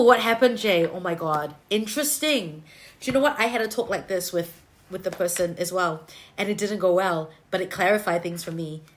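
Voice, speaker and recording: A woman with a medium-pitched, fairly bright voice does a livestream tarot reading, chatting bluntly with viewers and sprinkling in "lah" and "leh." There's slight background noise.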